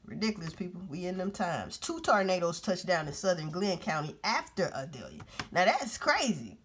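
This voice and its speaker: A woman's voice: fairly low pitch, big pitch swings, moderate pace, a little hiss or hum. A woman vlogger commenting on news clips in a blunt, profane, casual way, talking straight to her viewers.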